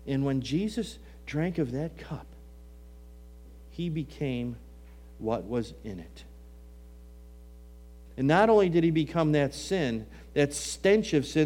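Male preacher, slightly high pitch, dramatic sermon delivery, hushed lows and emphatic peaks, recites archaic scripture. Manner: dramatic swings between hushed and raised delivery; quotes scripture in old-fashioned wording.

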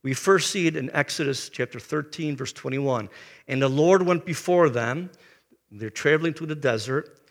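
An older man in his seventies preaches a sermon with a gravelly, creaky voice. He tells stories earnestly and clears his throat often. A long reverb from the hall trails his words. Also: fairly high pitch, moderate pace. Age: 70s. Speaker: pastor.

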